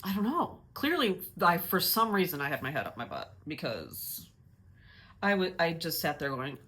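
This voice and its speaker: Woman host, low-ish voice, casual self-mocking chatter with frequent restarts. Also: very animated, normal speed, fairly bright tone. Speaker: knitting podcast host. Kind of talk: casual chat.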